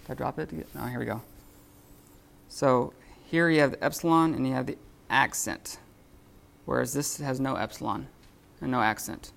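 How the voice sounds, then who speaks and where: A man leads a live classroom lesson, explaining grammar in a halting way, full of fillers and restarts. His voice has a gravelly edge. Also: medium pitch, a bit bright. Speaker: Greek teacher.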